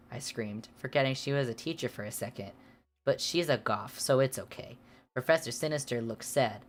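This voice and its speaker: A woman's voice: very deep voice, moderate pace. A woman streamer reading a fanfic aloud for laughs, often breaking into amused asides and hamming up the character lines. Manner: playful, exaggerated delivery of character lines. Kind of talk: comedic dramatic reading with asides.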